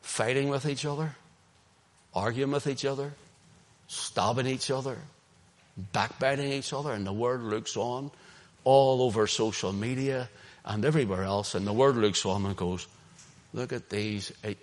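A Northern Irish man preaching a sermon with fervour, his voice sitting at an ordinary middle pitch. He drives points home loudly, then drops to quiet asides. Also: moderate pace. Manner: impassioned, swings between loud emphasis and hushed asides. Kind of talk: sermon, streamed online.

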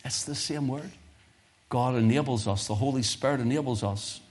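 A man preaching a sermon in a church, reading old-fashioned scripture and putting emphatic questions to the congregation, rising loud on key points and dropping soft to explain. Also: on the low side. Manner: reads scripture in old-fashioned King James wording.

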